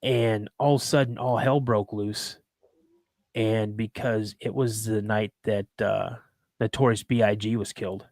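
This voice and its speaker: A man's voice: on the low side, steady tone, unhurried, darkish tone, no echo. Man telling rambling stories, dry sound. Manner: rambling, restarts and repeats words. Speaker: podcast host. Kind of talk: casual anecdotal storytelling. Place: live podcast show.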